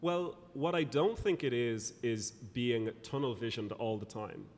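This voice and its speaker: A man's voice: medium pitch, lively intonation, a little slow, darkish tone. A man with an Irish accent, speaking as a guest in a podcast interview in a thoughtful, lilting way. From Ireland. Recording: reverberant room with faint noise.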